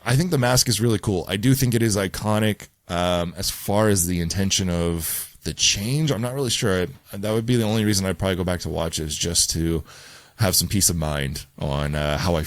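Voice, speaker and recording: A man co-hosting a podcast, chatting about a film in a relaxed, reflective way with some hesitations. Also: low-pitched, normal speed, no echo. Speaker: podcast co-host. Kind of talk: casual film discussion.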